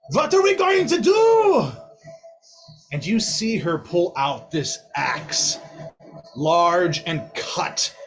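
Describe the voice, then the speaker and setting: A man's voice: a little high, fairly bright tone. A man narrating a tabletop game as game master, vivid and playful, laughing often.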